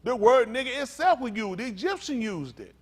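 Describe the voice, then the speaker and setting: A male pastor preaching a teaching sermon. He talks with lively emphasis, acts out the voices he quotes, and reads aloud haltingly. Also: extremely high pitch.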